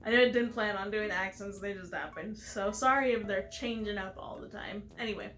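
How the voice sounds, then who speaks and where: A woman's voice: mid-range voice, fairly even intonation, moderate pace, few pauses, fairly bright tone, echoey room. A young woman hosting a let's play, chatty, giggly and playfully dramatic in her game commentary.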